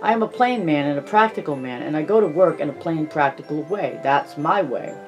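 A man's voice: fairly high pitch, lively intonation, brisk, music in the background, low-quality recording. Man reading as a smug, patronizing alderman. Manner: self-satisfied, patronizing, chuckling. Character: pompous smug male alderman and magistrate. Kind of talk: audiobook character reading.

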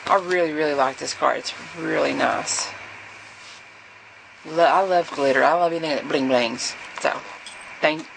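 A woman's voice: low-pitched, brisk, creaky, noisy background. A woman, chatting casually to camera in a rambling way, with fillers and restarts. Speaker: vlogger.

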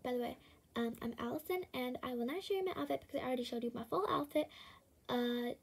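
High-voiced hesitant young woman. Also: fast, vocal fry, husky. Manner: hesitant, with many fillers and restarts. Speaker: singer doing a cover. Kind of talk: casual chat to camera.

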